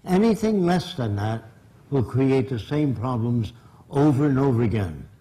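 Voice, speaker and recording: Blunt, mellow-voiced male lecturer. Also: mid-range voice, lively intonation, moderate pace, poor audio. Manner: blunt, emphatic, direct. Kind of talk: public lecture.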